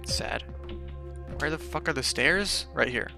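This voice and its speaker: A man's voice: fairly high pitch, a little slow, creaky, music in the background. A man commentating his own gameplay in a wry, sarcastic way, swearing often. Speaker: game streamer. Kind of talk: let's play commentary.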